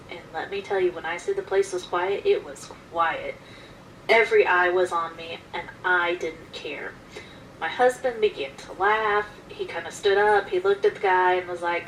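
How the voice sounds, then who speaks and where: A woman casually telling a personal story in an animated, emphatic way, recorded from some distance. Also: lowish voice, moderate pace, slight background noise.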